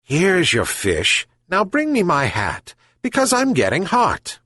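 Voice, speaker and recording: A man's voice: high-pitched, huge pitch swings, slow pace, sharp tone, slightly rough, no echo, clean studio sound, pitched above the performer's own voice, exaggerated voice. A man voicing a kind old fisherman who calls out to his pets and pleads with them. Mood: calling. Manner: calling out, pleading.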